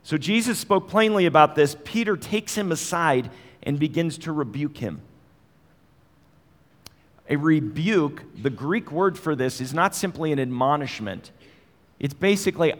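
A man's voice: fairly high pitch, lively intonation, unhurried, big-room sound. A man preaching a sermon in a conversational way, asking his listeners direct questions. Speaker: pastor.

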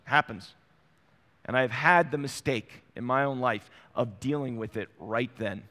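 A man's voice: medium pitch, fairly bright tone. Conversational male pastor in a reverberant hall. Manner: conversational, acts out little dialogues. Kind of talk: sermon. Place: church sanctuary.

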